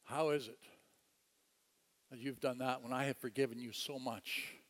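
A preacher acting out a stern, grieving king who speaks low and quietly, rebuking a servant. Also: fairly even intonation, normal speed, long reverb tail, natural voice. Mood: grieved.

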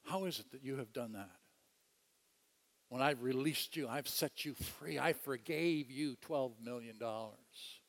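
A preacher acting out a stern, grieving king who speaks low and quietly, rebuking a servant. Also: measured pace, long reverb tail, natural voice. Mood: grieved.

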